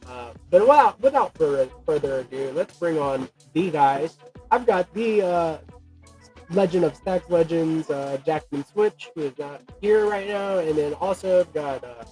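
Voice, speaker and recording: A man's voice: fairly high pitch, lively intonation, unhurried, dark tone, faint music behind, rough recording. A man hosting a crypto news show, reading headlines and then chatting loosely with his guests, swearing and laughing easily. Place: hot room with an air conditioner running nearby.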